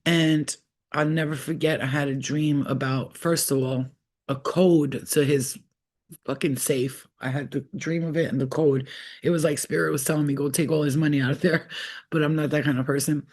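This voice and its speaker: A woman giving a casual tarot reading to her viewers, blunt and profane, telling animated stories. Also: low-pitched, moderate pace. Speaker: tarot reader. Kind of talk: casual spiritual talk to viewers.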